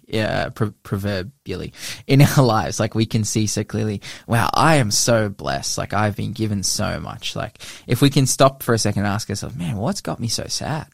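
Gravelly young man, dry close sound. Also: fairly low pitch, dry recording. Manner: enthusiastic, filler-heavy, says like and you know. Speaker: podcast co-host. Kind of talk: casual Bible discussion.

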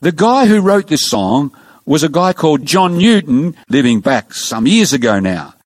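A man preaching a sermon, telling stories and acting out dialogue, slowing down for emphasis. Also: on the high side, dry recording. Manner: storytelling, animated, acts out dialogue; slows down for emphasis.

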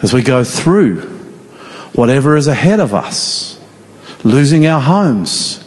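Husky-voiced man preaching earnestly. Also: medium pitch, sing-song. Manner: earnest, pleading, slow and emphatic. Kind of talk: sermon. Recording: long reverb of a large hall.

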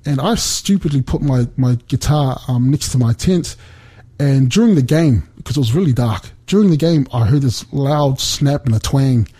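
A middle-aged man giving an earnest faith talk over a call, speaking haltingly with many restarts. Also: medium pitch, warm tone, slightly rough. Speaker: guest speaker.

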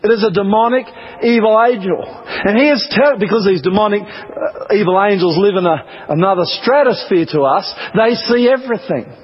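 A man's voice: high voice, normal speed, breathy edge. A man preaching an impassioned, emphatic sermon in a church, repeating words for emphasis. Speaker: pastor. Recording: dull lo-fi broadcast recording.

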